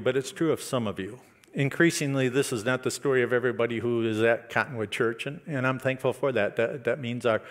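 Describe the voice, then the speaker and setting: A male pastor preaching a sermon, building to loud, emphatic declarations. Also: mid-range voice. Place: church service.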